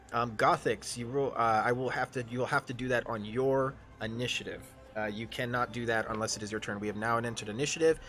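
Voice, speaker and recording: A man acting as game master for a tabletop game, talking in a middle-pitched, everyday voice. He hesitates often with fillers and apologizes as he sorts out turns, while faint music plays behind him. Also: a bit bright. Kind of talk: running a live-streamed tabletop game.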